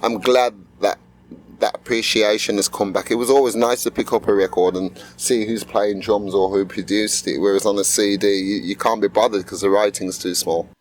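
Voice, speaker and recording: A middle-aged man, a musician being interviewed, talking in a relaxed, rambling way with many fillers. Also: on the low side, normal speed, a little hiss or hum. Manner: laid-back, rambling storyteller with fillers. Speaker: musician guest. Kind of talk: casual interview.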